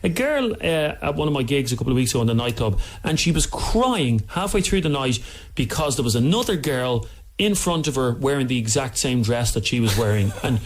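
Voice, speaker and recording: A man's voice: medium pitch, animated, a little fast. A man co-hosting a radio phone-in, telling stories and pushing back in arguments. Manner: storytelling, argumentative. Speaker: radio co-host.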